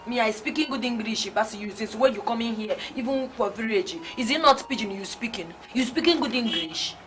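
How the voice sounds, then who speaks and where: An actress playing a clumsy comic house help who speaks broken English with a Nigerian accent. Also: female voice, a little high, fairly quick, a bit bright, slight background noise, natural voice.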